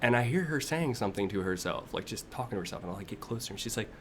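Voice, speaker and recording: A young man hosting a casual livestream, telling lively stories, laughing and mimicking kids, then answering viewer questions. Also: racing, slight background noise. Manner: animated storyteller, imitates kids in a high voice, laughs often. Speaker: livestream host.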